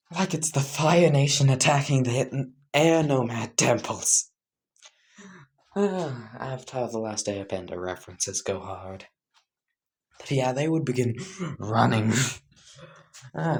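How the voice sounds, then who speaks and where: Very deep-voiced woman spinning a silly fanfic. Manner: rambling, laughs at own jokes, self-corrections. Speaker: storyteller. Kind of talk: casual fan-fiction narration.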